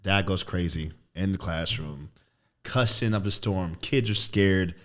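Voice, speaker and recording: A man in his thirties, a podcast guest, telling a story in casual chat, animated and throwing in "bro" a lot. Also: sits low, a little slow. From United States. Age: 30s. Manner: animated storyteller, acts out quotes loudly, says "bro" often.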